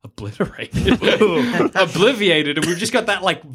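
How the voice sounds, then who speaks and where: A man chatting casually about a movie with friends, animated and laughing often. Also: sits high, slow pace, slight background noise. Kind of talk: casual chat.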